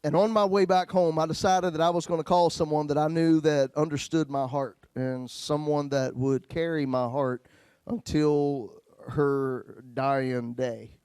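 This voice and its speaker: A male pastor telling his own story in a sermon, folksy, swinging between loud bursts and hushed lines. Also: fairly high pitch, steady tone, moderate pace, hardly any pauses, clear, resonant tone, dry recording.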